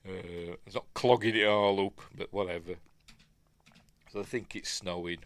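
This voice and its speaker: A man's voice: low-pitched, fairly even intonation, normal speed. A man with a Yorkshire accent casually breaking down a film, rambling and digressing with lots of fillers. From Yorkshire, England. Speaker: film reviewer.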